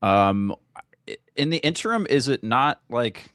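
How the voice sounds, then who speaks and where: A man's voice: medium pitch, very animated, unhurried, fairly bright tone, clear, resonant tone, dry recording, studio quality. A man co-hosting a casual live talk show, joking and hesitant with many fillers. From United States. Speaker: co-host.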